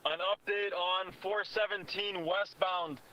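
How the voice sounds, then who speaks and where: A man's voice: high-pitched, fairly even intonation, slow pace, bright, forceful tone, a little hiss or hum, rough recording. A man on a radio-style channel, asking short questions about road conditions. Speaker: traffic updater.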